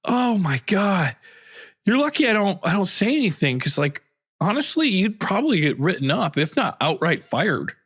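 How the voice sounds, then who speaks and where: A man's voice: sits high, big pitch swings, moderate pace, fairly bright tone, breathy edge, full character voice. A man playing Jesse, a fussy buffet worker. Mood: scolding. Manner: fussy, scolding, voice jumping up when alarmed. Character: uptight young male buffet worker. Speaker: improv performer. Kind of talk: improv comedy scene.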